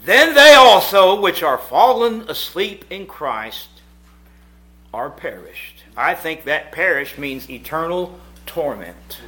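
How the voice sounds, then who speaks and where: A middle-aged man preaching a sermon at a church meeting. He swings from hushed asides to shouted points. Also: fairly high pitch, lively intonation, slow pace. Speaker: pastor.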